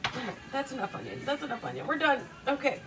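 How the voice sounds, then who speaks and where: A woman's voice: sits high, sing-song, quick pace, crowd noise, low-quality recording. A young woman hosting her home cooking show in her kitchen, talking casually in a rambling, self-deprecating way full of fillers. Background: playlist music playing faintly.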